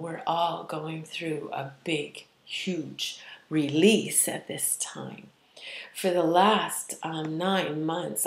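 A woman speaking as a spiritual healer in a casual vlog, earnest and rambling, often dropping into soft whispers. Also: sits low, roomy sound, rough recording.

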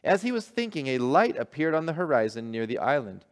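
A man's voice: on the high side, sing-song, brisk. A male pastor giving a conversational, folksy sermon in a church hall, reading a story and leading prayer. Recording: long hall reverb.

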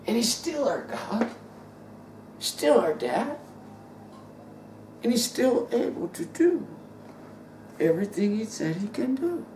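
Preacher, male, unhurried and theatrical, heard from a distance in a reverberant church hall. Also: extremely high pitch, sing-song, background noise. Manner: dramatic, swings between loud outbursts and quiet asides; acts out biblical characters in voice. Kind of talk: sermon. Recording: roomy echo, distant mic.

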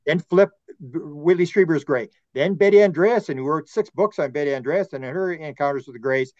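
A man talking as a podcast guest, rambling and animated as he tells stories and acts out quotes. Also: on the high side, fairly quick, no room sound, dull audio. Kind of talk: podcast conversation.

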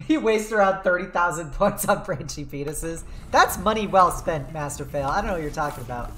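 Excitable woman streaming a game. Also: on the low side, a little fast, few pauses. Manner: excitable, giggly, swears under fire. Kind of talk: live gameplay commentary. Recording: roomy echo.

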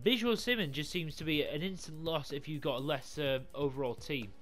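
A young man commentating his football video game career mode, swearing a lot, yelling when things go wrong and talking things through quietly in between. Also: fairly high pitch, a little fast, faint music behind. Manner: swears a lot, yells in frustration, mutters calmly between games. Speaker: gaming YouTuber. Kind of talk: live gameplay commentary.

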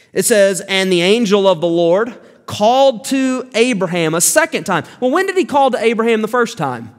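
High-voiced preacher in a reverberant hall. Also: male voice. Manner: emphatic, repeats key phrases. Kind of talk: sermon. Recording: long reverb of a large hall.

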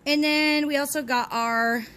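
This lottery scratch-off host from Texas speaks in a high-pitched, fairly bright voice with fairly even intonation and a measured pace, over slight background noise. At home with her dogs nearby, she chats cheerfully with viewers and chants encouragement while scratching tickets.

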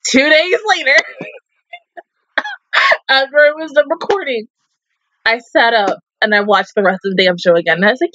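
A young woman reacts to an anime in a casual, emotional review, cursing a lot and laughing between words while fighting back tears at times. Her voice is high-pitched, pushed and bright, at a moderate pace with long pauses. The recording is lo-fi with no room sound.

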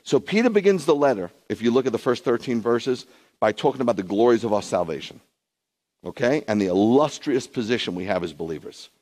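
A man preaching a sermon in an emphatic, conversational way. He talks straight to viewers at home, then surges into loud, high bursts. His voice sits at a middling pitch. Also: lively intonation, fairly quick. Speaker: rabbi preaching.

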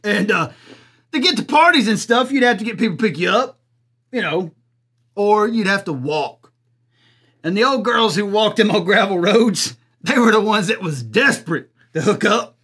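A man puts on a crude redneck with a thick drawl, blunt and loud-mouthed, cackling at his own jokes. The voice sits very high and swings widely. It sounds bright and husky. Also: heavily acted. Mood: crude storytelling. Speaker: comic commentator persona. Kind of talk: improvised comedy character.

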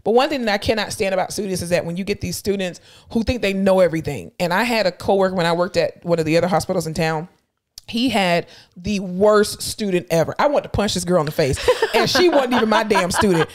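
A woman in her thirties, a podcast co-host, telling blunt, profane workplace stories in casual chat. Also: medium pitch. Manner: blunt, fast-talking storyteller, profane and emphatic. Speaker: podcast co-host and clinical instructor.

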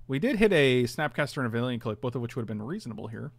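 A man's voice: mid-range voice, very animated, very fast, creaky, husky, no echo. Chatty man commentating a card game. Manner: chatty, self-mocking, groans at bad draws. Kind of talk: casual gameplay commentary.

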